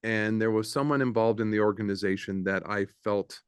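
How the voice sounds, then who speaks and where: A middle-aged man, a guest producer and audio engineer, telling animated anecdotes in a casual interview and laughing often. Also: on the low side, a little fast, clean tone, dry recording, studio quality. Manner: animated anecdote-teller, laughs often, slips into voices for others.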